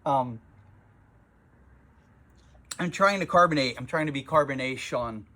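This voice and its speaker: A man's voice: medium pitch, a little slow, pushed and bright. A man who runs a comic shop, venting in a casual vlog with a profane, self-mocking manner, recorded in his shop.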